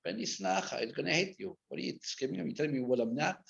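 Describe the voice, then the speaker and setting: A man teaching a live Torah class as a rabbi, mixing Hebrew and Yiddish terms into English and swinging from loud acted rebukes to quiet asides. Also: fairly high pitch, animated, fast talker, gravelly. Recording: dull lo-fi classroom recording.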